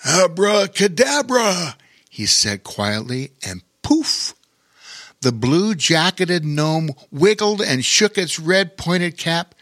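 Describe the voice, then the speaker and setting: Man, children's story narrator, bright voice, very animated, dry close sound. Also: sits high, no echo. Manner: lively, expressive storytelling.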